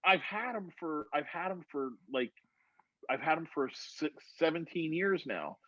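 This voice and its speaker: A man's voice: on the high side, unhurried, no room sound, dull audio. A man telling a rambling, profane story in casual chat over a video call on his phone. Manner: rambling, profane, animated retelling. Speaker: guest storyteller.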